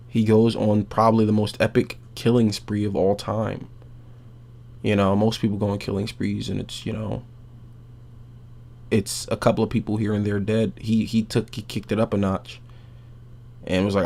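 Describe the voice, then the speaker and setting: Low-voiced podcast host, profane storytelling. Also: male voice, moderate pace, creaky, pauses often. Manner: profane, animated retelling. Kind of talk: casual game recap.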